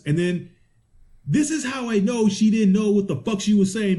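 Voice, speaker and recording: Swearing animated man telling a story. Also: sits high, moderate pace, long pauses. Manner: animated, swears constantly, acts out exchanges. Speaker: podcast co-host. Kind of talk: casual profane storytelling.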